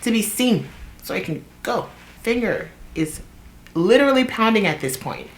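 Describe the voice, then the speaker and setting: A young woman telling a story in a chatty, animated way while getting ready, with asides to her viewers. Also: a little high, normal speed. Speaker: vlogger. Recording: roomy echo.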